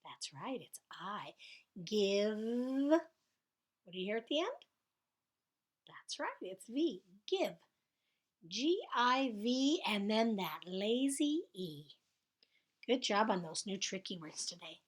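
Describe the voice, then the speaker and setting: Woman, primary teacher, encouraging, stretches each sound, animated intonation. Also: medium pitch, slow, long pauses. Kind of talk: slow spelling dictation for young children.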